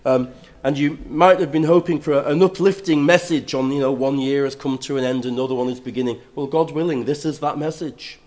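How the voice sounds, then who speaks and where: An older man preaching a sermon, reading scripture aloud and then explaining it in a measured way that grows emphatic. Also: medium pitch, steady tone, a little mellow.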